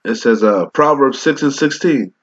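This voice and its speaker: A man's voice: medium pitch, expressive, normal speed. A man with a cold preaching an angry, profane rebuke, reading scripture aloud in old English. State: sick with a cold. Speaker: street preacher. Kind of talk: confrontational rebuke sermon. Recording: dull lo-fi recording.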